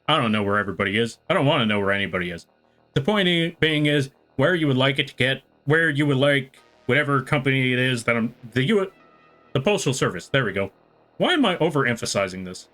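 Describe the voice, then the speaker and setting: A man live-streaming, giving playful, excitable play-by-play commentary and chatting with viewers in rambling asides. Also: medium pitch, fast talker, soft background music. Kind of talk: casual live-stream chat and race commentary.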